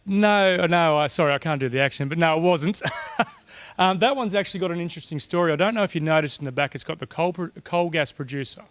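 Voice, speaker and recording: A man guiding visitors around a collection, answering questions in a relaxed, measured way with many filler words. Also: on the high side, dry recording. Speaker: collection guide. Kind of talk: casual interview answers.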